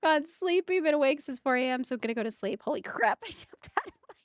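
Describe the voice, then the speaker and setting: A woman's voice: high-pitched, animated, fast, no room sound, clean studio sound. A woman streamer chatting casually with her viewers while drawing emotes, giggling often and calling out exclamations. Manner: giggly and exclamatory, talks to chat.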